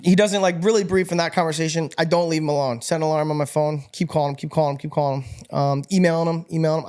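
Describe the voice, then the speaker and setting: Young male guest, rapid-fire and pumped up, higher-pitched voice, casual storyteller from upstate New York. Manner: energetic, animated, swears and laughs often. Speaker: podcast guest.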